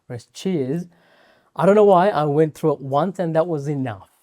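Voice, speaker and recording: A man hosts a casual podcast. He is agreeable and easygoing, and he often fills in with small agreements. His voice sounds mellow and dark. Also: on the high side, moderate pace. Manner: chatty, laughs easily, agreeable. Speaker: podcast host.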